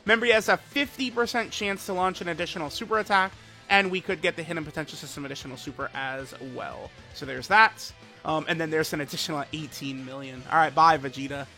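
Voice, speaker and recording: A man with a high, bright voice talks through his mobile game session for his channel. He rambles casually, stumbling over restarts and fillers while thinking aloud at a desk mic. Light music plays underneath. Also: quick pace. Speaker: gaming channel host. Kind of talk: casual gameplay commentary.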